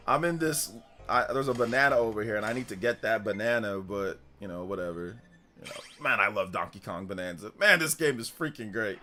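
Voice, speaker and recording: A man's voice: medium pitch, sharp tone. A young man streaming a video game live, chatting casually, rambling and repeating himself and laughing easily.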